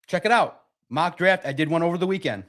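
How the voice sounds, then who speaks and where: A man hosting a casual sports talk livestream, excitable and rambling, with a slightly raspy voice. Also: a little high, a little fast. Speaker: podcast host.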